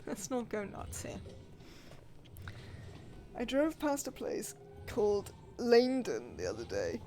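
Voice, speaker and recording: A woman's voice: a little high, wildly swooping pitch, slow, dark tone, soft background music. A woman, chatting and rambling to herself as she plays a game on a live stream. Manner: chatty, rambling self-talk while playing.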